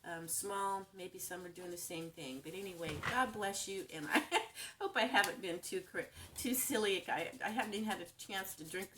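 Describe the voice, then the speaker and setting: An older woman vlogging from home, talking earnestly and a little ramblingly to her camera, gently emotional as she encourages viewers. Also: medium pitch, normal speed, noisy background. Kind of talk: casual heartfelt talk to camera. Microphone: camera mic.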